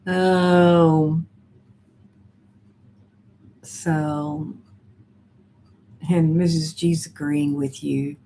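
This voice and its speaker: Low-voiced, slow, rambling woman host. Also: little pitch movement, mellow, a little hiss or hum. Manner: rambling and chatty, with many fillers and restarts. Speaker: host of a live chat stream. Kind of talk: casual live-stream chat, reading viewer comments.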